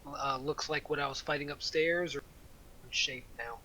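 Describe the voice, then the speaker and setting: A man playing a cleric in a tabletop game, halting and full of rules questions. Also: a little high, pushed and bright, slight background noise, poor audio. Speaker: player, war cleric.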